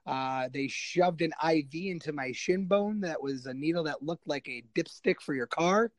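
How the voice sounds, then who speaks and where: A man's voice: fairly high pitch, moderate pace. Wry man telling a war story. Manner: self-deprecating, wry, many fillers. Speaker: military veteran telling his story. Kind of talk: conversational storytelling.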